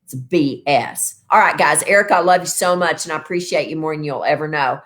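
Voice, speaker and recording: Brief: tired woman in her fifties, low voice, rambling livestream host. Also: a little fast. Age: 50s. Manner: rambling, warm toward viewers. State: tired after illness. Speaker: wellness show host. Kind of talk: casual livestream chat.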